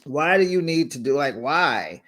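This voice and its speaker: Recap host, woman; low-pitched, lively delivery, sassy and chatty. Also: unhurried. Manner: sassy, animated, talks straight to viewers with slang like "child" and "honey". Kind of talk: casual recap commentary.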